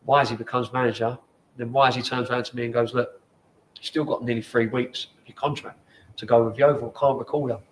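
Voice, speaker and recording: A London man in his forties spins rough, sweary anecdotes about his playing days. He talks in an animated way and acts out the people in his stories. His voice sits at an ordinary middle pitch for a man. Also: brisk, a little hiss or hum. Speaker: guest, former footballer. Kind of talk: casual storytelling. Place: bar at a football ground.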